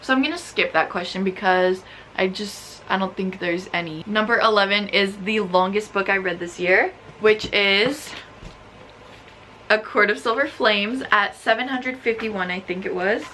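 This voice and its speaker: A young woman talks straight to camera about books, animated and exasperated, with "like" in almost every phrase. Her voice is bright and forward, and a faint hiss of room noise sits under it. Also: medium pitch, normal speed. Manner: animated, exasperated, filler-heavy with frequent "like". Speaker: book vlogger. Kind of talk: casual ranting book review.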